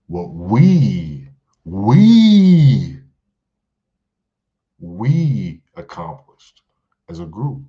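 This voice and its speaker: Deep, slow-talking preacher on a dull stream. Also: male voice. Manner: animated preaching with repeated phrases and casual asides. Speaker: teacher of a religious class. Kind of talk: live-streamed religious class. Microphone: live stream.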